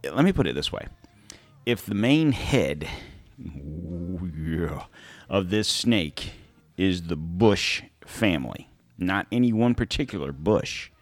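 A man's voice: deep voice, dry recording. A man hosting a podcast in a casual, rambling monologue, laughing and correcting himself as he goes. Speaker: podcast host.

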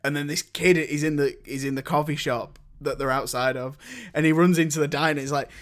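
A young man co-hosts a casual film podcast. His voice sits a little high, and he keeps breaking into laughter while acting out scenes. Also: fairly even intonation, brisk, hardly any pauses, fairly bright tone. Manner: laughs often, acts out movie lines. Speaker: podcast co-host. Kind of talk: casual chat.

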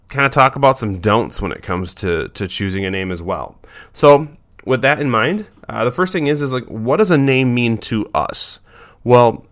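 A man's voice: medium pitch, fairly bright tone. A young man who trains dogs, giving casual tips and talking in a rambling way with many restarts. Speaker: dog trainer. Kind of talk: casual instructional talk.

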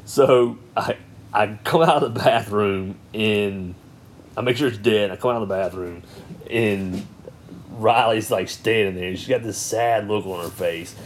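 A man telling a family story in casual podcast chat, lively and playful. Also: fairly low pitch, unhurried, a little hiss or hum. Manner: animated storyteller, acts out voices.

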